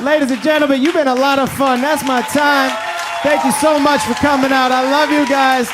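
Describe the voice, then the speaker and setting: A man with a notably high voice performing stand-up, telling a story with animated, profane energy. He speaks into a stage mic, with faint hiss behind him. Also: moderate pace. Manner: animated, profane, punchline-driven. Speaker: stand-up comedian. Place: comedy club stage.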